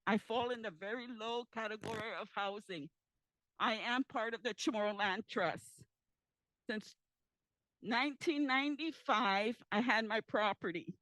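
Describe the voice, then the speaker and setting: A woman in her fifties gives tearful, impassioned public comment at a community forum, pleading and repeating herself into a handheld mic. Her voice is a little high and fairly bright, and the recording is rough with no room sound.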